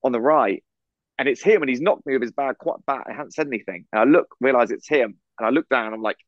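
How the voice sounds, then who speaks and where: Brief: male co-host, fast animated anecdote, heard over a dull-sounding video call. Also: medium pitch, no echo. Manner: rambling, animated, fast anecdote-telling with restarts. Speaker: podcast co-host. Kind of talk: casual storytelling chat. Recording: slightly muffled video call audio.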